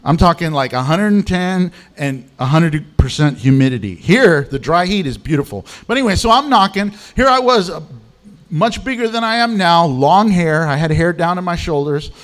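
High-voiced animated man preaching. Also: normal speed. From Mexican. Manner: animated storytelling with quoted voices. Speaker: pastor. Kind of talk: sermon.

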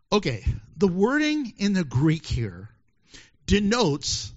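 A pastor preaching a sermon, lively and joking, acting out quoted voices as he reads scripture. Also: high-pitched, slow pace, highs cut off.

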